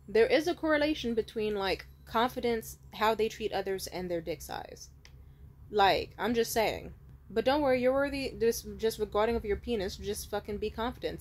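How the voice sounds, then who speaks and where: Blunt, profane young woman vlogging. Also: slight background noise. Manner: blunt, profane, swings from loud to low asides. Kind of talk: casual candid monologue.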